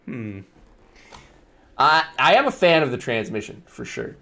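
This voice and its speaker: A man's voice: mid-range voice, big pitch swings, a little slow, bright, forceful tone. A young man streaming live, reading viewer slides aloud and reacting with wry, bemused asides and chuckles. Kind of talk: casual live-stream commentary.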